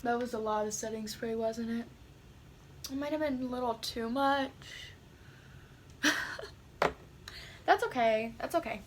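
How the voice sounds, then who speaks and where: A woman with a notably high voice talks the viewer through her makeup step by step. Her tone is chatty and casual, and she pokes gentle fun at herself as she goes. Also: measured pace, long pauses, noisy background. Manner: chatty, self-deprecating, talks while doing makeup. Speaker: beauty vlogger. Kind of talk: casual makeup tutorial chat.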